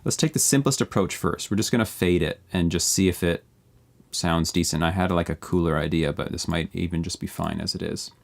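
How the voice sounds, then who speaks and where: A man's voice: sits low, flat delivery, a little fast, creaky, slight background noise. A man casually walking viewers through building a beat live and thinking aloud as he edits tracks. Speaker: music producer streamer. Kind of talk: live beat-making walkthrough.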